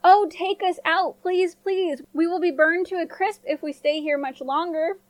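A woman's voice: extremely high pitch, normal speed, no room sound, voice pushed up. A woman voicing talking loaves of bread that plead for help. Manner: pleading, crying out.

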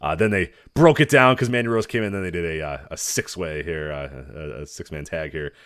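A man's voice: deep voice, brisk, a bit bright, dry recording, studio quality. A man co-hosting a wrestling podcast, recapping matches in rambling casual chat and laughing often. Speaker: podcast co-host.

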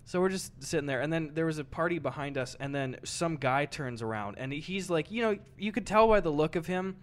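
A man's voice: a little high, expressive, brisk. Swearing man telling a story. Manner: swearing storyteller, acts out quotes. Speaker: podcast co-host. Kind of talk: casual chat.

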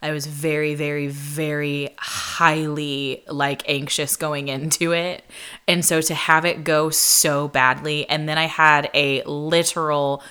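Young woman, low-pitched, bright crisp voice, chatty storytelling, lots of "like". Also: takes it slowly. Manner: chatty, animated, lots of "like", acts out quoted voices. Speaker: podcast host. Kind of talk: casual storytelling monologue.

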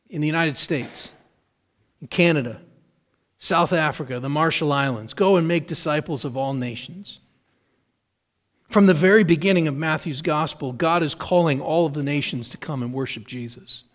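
A middle-aged man preaching a sermon in an earnest, measured way, repeating key phrases for emphasis. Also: fairly high pitch, a bit bright. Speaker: pastor.

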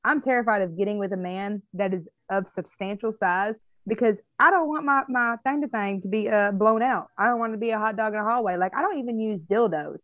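A woman's voice: mid-range voice, fairly quick, hardly any pauses, a bit bright, no echo. A woman co-hosting a podcast, talking frankly and emphatically in casual chat, with plenty of swearing. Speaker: podcast co-host.

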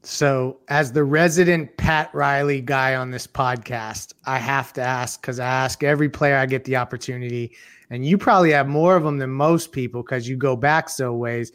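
A man's voice: medium pitch, fairly even intonation, moderate pace, fairly bright tone, clear, resonant tone. A man co-hosting a casual podcast interview, asking direct, conversational questions. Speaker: podcast co-host.

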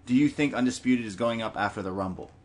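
A man's voice: mid-range voice, quick pace. Laid-back man reading listener messages. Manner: reads messages aloud, laughs often. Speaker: podcast co-host.

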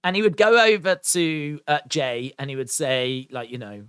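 A man giving a chatty, excitable recap and review of a wrestling show, full of fillers. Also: on the high side, moderate pace, few pauses, clear, resonant tone, no echo. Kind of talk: casual spoken recap and review.

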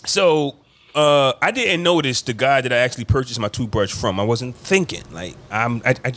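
A man casually telling a long, animated story to friends on a podcast, slipping into quoted voices and laughing along. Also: mid-range voice, normal speed.

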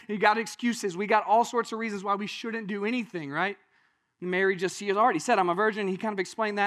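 A man delivers a sermon in a notably high voice. He talks to his listeners in a casual, animated way and often checks in with them as he explains a passage. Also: fast. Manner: animated, conversational, often asks "right?". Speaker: pastor.

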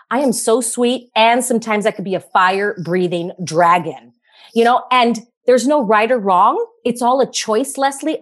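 A woman guest in a casual podcast conversation, animated and acting out the voices she quotes. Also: medium pitch.

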